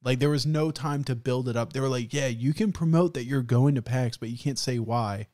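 A man's voice: medium pitch, fairly quick, warm tone, dry recording, clean studio sound. A young man co-hosting a podcast in casual chat, telling stories with frequent laughter and plenty of swearing. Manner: swears freely, laughs through his stories. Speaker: podcast co-host.

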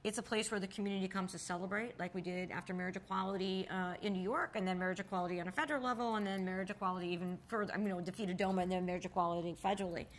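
An animated woman speaking in a recorded oral history interview inside a bar. Her pitch sits mid-range for a woman, but it leaps sharply whenever she quotes someone or gets carried away. A faint hiss sits under the recording. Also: racing, hardly any pauses. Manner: animated storyteller, acts out quotes with sudden high exclamations. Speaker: interviewee, bar co-owner and nonprofit founder.

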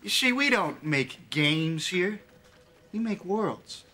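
A nervous young office trainee who stumbles over his words before gathering earnest conviction. The voice is bright and lively, moving up and down freely. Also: sits high, takes it slowly, heavily acted. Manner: stammering, earnest. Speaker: executive trainee.

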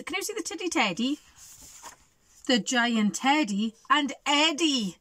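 A woman, a teacher reading a storybook to children, animated and chatty, stopping to ask questions. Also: a little high, normal speed, no room sound.

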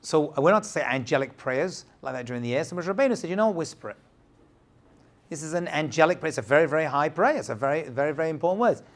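A man's voice: fairly high pitch, expressive, fast talker. A man teaching a Torah class as a rabbi, asking rhetorical questions and checking that his students follow.

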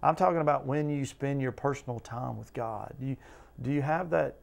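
A man with a gravelly edge leads a Bible study in a plain, mid-pitched voice. He teaches in an earnest, conversational way, asking listeners question after question and acting out the people in the scripture. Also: fairly quick. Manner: earnest, talks to listeners with repeated questions, acts out quotes.

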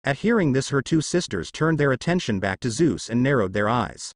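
A man's voice: fairly quick, dry recording, clean studio sound. A man narrating a fan fiction story, reading every character's lines in his own voice. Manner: reads all figures in his own voice, lively pitch.

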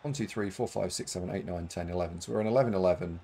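Husky-voiced man chatting on stream. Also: deep voice, rapid-fire, warm tone. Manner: chatty, thanks viewers, rambles with fillers. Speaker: game streamer. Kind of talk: casual live-stream chat while playing.

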